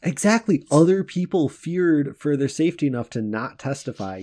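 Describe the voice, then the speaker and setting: A man's voice: mid-range voice, a little mellow, a little hiss or hum. A man co-hosting a podcast in casual chat, joking and chatty and laughing often as he talks. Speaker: podcast co-host.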